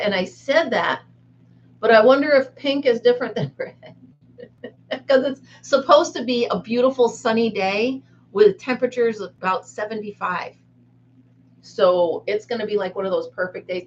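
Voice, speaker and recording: Woman, live chat host, giggly, self-mocking, chatty, slightly muffled recording, faint background hiss. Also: fairly high pitch. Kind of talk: casual live chat with viewers. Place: a room at home.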